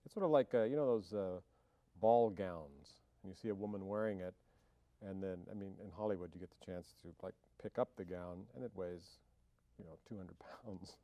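A man's voice: low-pitched, normal speed, no echo, highs cut off. A man being interviewed about his acting, talking casually and wryly, joking and trailing off in fillers and restarts. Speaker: film actor interviewee.

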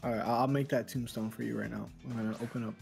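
A man co-commentating a competitive game as a guest, talking through plays quickly and analytically. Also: medium pitch, fairly even intonation, creaky, over music. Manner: quick, analytical, frequent restarts. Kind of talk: casual commentary over gameplay.

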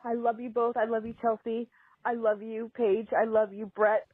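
A woman's voice: a little high, little pitch movement, normal speed, slightly rough, dry recording. A woman caller leaving a rambling, emotional, apologetic voicemail about her relationship. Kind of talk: voicemail confession. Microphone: phone. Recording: tinny phone line voicemail.

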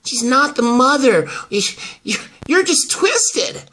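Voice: sits high, big pitch swings, slow, bright, forceful tone, heavily acted. A performer voicing an indignant, accusing woman. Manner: accusing, exasperated. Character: indignant young woman, protective. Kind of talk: amateur soap-opera acting.

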